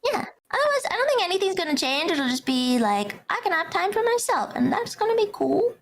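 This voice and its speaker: A woman's voice: extremely high pitch, big pitch swings, fairly quick. A woman with a French accent chatting casually on a game stream. She laughs often and talks in a playful way. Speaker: guest streamer.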